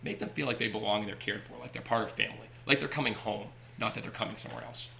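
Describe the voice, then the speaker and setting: On a podcast, a baseball team owner rattles off stories in a lowish, gravelly voice at a rapid-fire pace, with a little hiss or hum in the audio. His delivery is animated, and he acts out voices as he tells his anecdotes.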